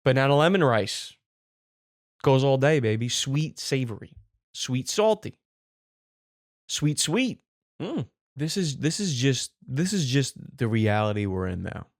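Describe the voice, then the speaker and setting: A man's voice: mid-range voice, big pitch swings, unhurried, no echo, studio quality. A man hosting a comedy show with brash, profane, mock-exasperated news riffs.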